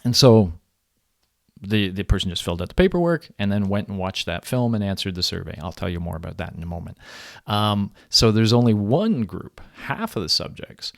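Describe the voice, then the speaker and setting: A man lecturing in a relaxed, conversational way, his voice sitting on the low side. The sound is close and dry, with no room around it. He stumbles and restarts as he explains. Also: moderate pace, gravelly, no room sound. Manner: conversational, acts out quoted people animatedly. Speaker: university lecturer. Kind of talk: recorded lecture.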